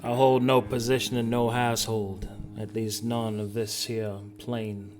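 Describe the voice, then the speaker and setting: Man voicing a calm Southern stranger in black, soft drawl, politely menacing; faint music bed. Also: fairly low pitch, unhurried, close to an everyday voice. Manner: courteous but threatening.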